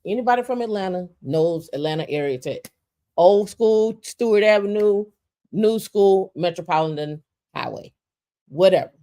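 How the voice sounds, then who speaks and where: A woman's voice: mid-range voice, lively intonation, normal speed, warm tone. A woman co-hosting a podcast who rants with passion, repeating phrases for emphasis and stumbling into restarts when heated. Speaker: podcast co-host. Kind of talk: casual opinion talk.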